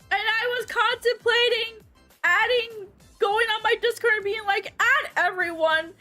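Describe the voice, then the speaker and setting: A woman with a very high, bright, sharp voice talks to her livestream chat in a casual, animated rush. She is excitable, swears freely and laughs often. Soft music plays faintly behind her. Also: slow pace, long pauses. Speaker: VTuber streamer.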